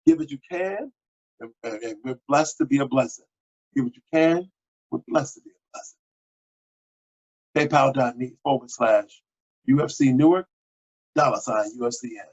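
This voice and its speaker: A man preaching a sermon as pastor, animated and exhortative, breaking into sudden high exclamations. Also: vocal fry, husky, dull audio. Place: at home.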